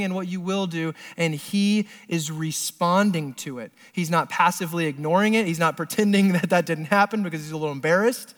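High-voiced young man preaching in a hall. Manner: earnest, conversational preaching with sudden quiet drops and quick asides. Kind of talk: sermon. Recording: long hall reverb.

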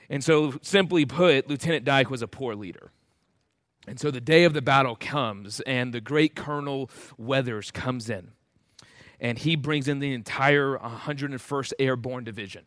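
A man with a fairly high voice tells a story in an earnest, halting way, full of filler sounds. The recording is close and dry, with no room sound. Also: fairly bright tone, dry recording. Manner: earnest, hesitant, frequent "uh" fillers. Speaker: speaker. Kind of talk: storytelling illustration.

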